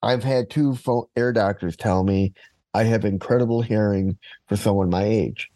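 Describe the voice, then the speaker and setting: Casting: man, low mellow voice, relaxed storyteller, dry close sound. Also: moderate pace, dry recording. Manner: storytelling, quoting others. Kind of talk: casual conversation.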